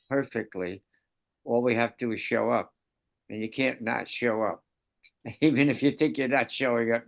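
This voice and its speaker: A man on a group video call shares spiritual reflections earnestly, often pausing to search for words. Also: on the low side, vocal fry, fairly bright tone.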